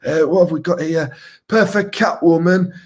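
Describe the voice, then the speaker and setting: A man's voice: on the high side, normal speed, natural voice. A man with a Teesside accent playing a crude, boastful local superhero wannabe, rambling and swearing through a live comedy Q&A. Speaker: comic superhero character.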